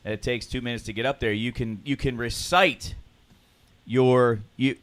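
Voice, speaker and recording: A man leading a morning recovery group, talking earnestly and emotionally and clearing his throat often. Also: medium pitch, steady tone, moderate pace, fairly bright tone. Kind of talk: motivational group talk.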